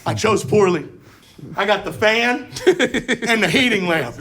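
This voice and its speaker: A young man tells stand-up stories in a high, bright voice. He builds each tale in a steady rhythm, then erupts into sudden shouted punchlines. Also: slow pace, slight background noise. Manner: punchy anecdotes with sudden loud outbursts. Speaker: stand-up comedian. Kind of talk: stand-up storytelling.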